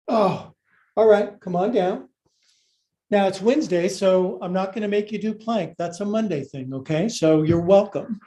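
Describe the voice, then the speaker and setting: A man leads a live yoga class in a high yet mellow, unhurried voice. He calls out each pose with playful, goofy jokes, getting slightly winded as he moves through the flow alongside his students.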